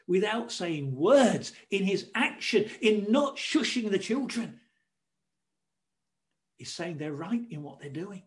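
Animated high-voiced male preacher. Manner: expressive, acts out quoted voices and shushing. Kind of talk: sermon.

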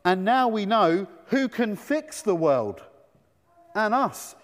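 Brief: enthusiastic male children's talk leader, bright high voice, big reverberant church hall. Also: expressive, slow. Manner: enthusiastic, asks the children many questions.

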